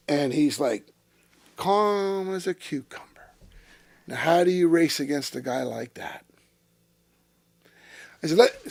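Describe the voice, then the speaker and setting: A man in his sixties, a former racing driver as interview guest, telling blunt, profane stories that flare into shouting. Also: a little high, animated, normal speed, gravelly, long pauses. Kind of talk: storytelling in a casual interview.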